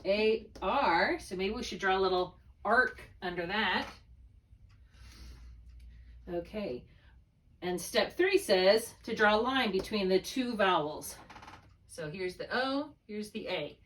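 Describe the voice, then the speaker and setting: A woman's voice: medium pitch, animated, slow, pauses often, a bit bright, distant mic. Patient woman tutoring spelling. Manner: patient, explains step by step with check-in questions. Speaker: reading tutor. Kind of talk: one-on-one spelling lesson. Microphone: laptop mic, held while writing.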